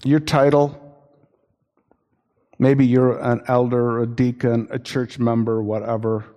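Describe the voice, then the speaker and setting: Pastor guy preaching, earnest and warning, restarts a lot, mid pitch, long echo from a big church hall. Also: level tone, slow, dark tone. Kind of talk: sermon.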